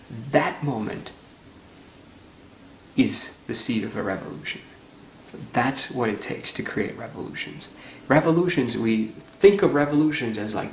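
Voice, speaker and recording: A man's voice: mid-range voice, creaky, roomy sound, a little hiss or hum. A man who founded a nonprofit, telling a story in an earnest, conversational way with plenty of fillers. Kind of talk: storytelling talk.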